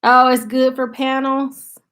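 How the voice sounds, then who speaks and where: A woman's voice: sits high, flat delivery, takes it slowly, fairly bright tone. A woman with an American country accent hosting her channel's live stream, chatting casually and reading out viewer comments with many fillers. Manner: chatty and loose, thinks aloud with many fillers. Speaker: YouTube channel host.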